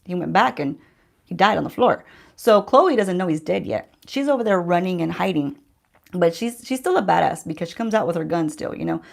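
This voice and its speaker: Woman vlogger with a creaky voice, chatting loosely to her audience mid-makeup and throwing questions at them. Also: medium pitch. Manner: chatty, addresses viewers directly, rhetorical questions. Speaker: beauty vlogger. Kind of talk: casual storytime chat while doing makeup. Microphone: handheld-range mic while holding a mirror.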